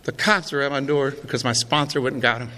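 With a medium-pitched, steady voice that is bright and forceful, a middle-aged man speaks quickly to a recovery meeting about his own life. His telling is raw, profane, and streetwise. The meeting hall is reverberant, with faint room noise.

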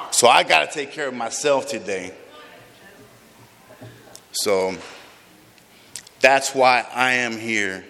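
Speaking at mid-range pitch with a sharp tone, a man shares his personal recovery story before a group. He's raw, emotional, and swears a lot, and a large hall's long reverb surrounds his words.

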